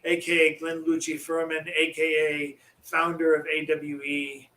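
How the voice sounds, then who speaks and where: A man's voice: fairly high pitch, completely flat delivery, a little slow, bright, forceful tone, poor audio. A man co-hosting a casual podcast, joking around and sounding mock-exasperated. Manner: jokey, exasperated, trades mock impressions. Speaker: podcast co-host.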